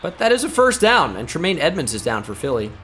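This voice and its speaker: A man commentates his own football video game in a slightly high voice that swings widely in pitch. He jokes around and breaks into shouted play-calls. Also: big pitch swings, quick pace, slight background noise. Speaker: gaming video host. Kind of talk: gameplay commentary.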